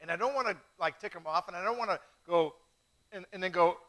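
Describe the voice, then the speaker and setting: A middle-aged man hosts a wine tasting in a chatty, self-mocking way. His voice sits high and sounds bright and forceful. He tells his stories with lots of energy. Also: quick pace, poor audio. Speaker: host of a live wine tasting show. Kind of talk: casual live-stream chat.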